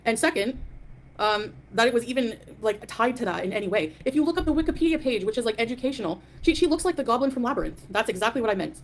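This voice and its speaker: A woman's voice: on the high side, lively intonation, fast talker, a little hiss or hum. A woman hosting a live stream, ranting in a defiant, dismissive way and greeting chat viewers. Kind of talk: casual live stream rant.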